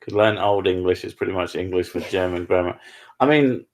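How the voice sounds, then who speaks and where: A man's voice: sits low, a little fast, darkish tone. A man streaming, chatting casually with crude jokes. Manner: joking, crude banter.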